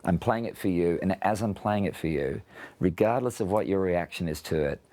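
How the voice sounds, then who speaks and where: Deep-voiced Australian man, reflective. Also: a little fast, mellow. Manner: reflective, explains through extended analogies. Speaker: interviewed musician. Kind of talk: casual interview.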